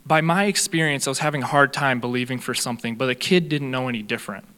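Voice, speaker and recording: A man's voice: medium pitch, fast, pushed and bright. A young man preaching a sermon in an earnest way, teaching on faith and healing. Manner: earnest, reads a long testimony aloud.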